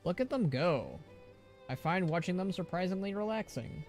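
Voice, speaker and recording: A man's voice: high voice, big pitch swings, moderate pace, darkish tone, faint music behind. A man casually commenting while streaming a game, with chatty, jokey asides. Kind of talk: casual live gameplay commentary.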